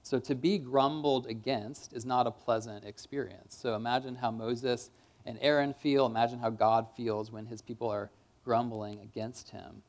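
A man's voice: mid-range voice, fairly even intonation, moderate pace, darkish tone. A man preaching a sermon in a church, in a casual, conversational way with lots of "kind of" and "like.".

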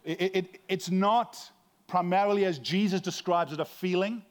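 A man's voice: high voice, normal speed. A middle-aged man, a pastor, giving a conversational sermon with frequent restarts and a self-deprecating humor.

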